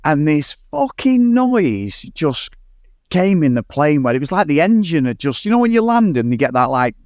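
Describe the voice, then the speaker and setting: A man co-hosting a casual film review chat, telling sweary, animated anecdotes. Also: fairly high pitch, normal speed, no echo, clean studio sound. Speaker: podcast co-host.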